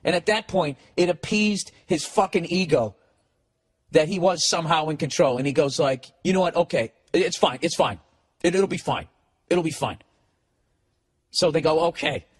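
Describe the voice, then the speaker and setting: Profane, animated man telling a comic story. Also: on the high side. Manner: animated, swearing constantly, mocking. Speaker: comedian and podcast host.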